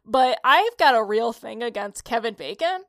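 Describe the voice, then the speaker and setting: A woman's voice: on the high side, lively intonation, moderate pace, fairly bright tone, no room sound, clean studio sound. A woman from upstate New York co-hosting a podcast, telling rambling stories with lots of laughs. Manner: giggly, rambling storyteller. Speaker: podcast co-host. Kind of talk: casual chat.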